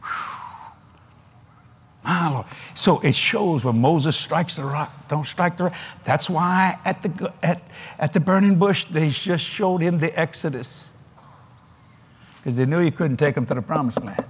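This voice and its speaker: An older man preaching a sermon at a large convention, animated and folksy, laughing between points. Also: fairly high pitch, measured pace, husky.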